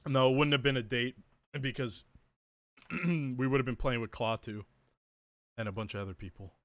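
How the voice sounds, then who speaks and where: A man streaming live, hoarse and losing his voice, thanking viewers in casual chat. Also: mid-range voice, normal speed, no echo. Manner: hoarse and quiet after singing, thanks viewers.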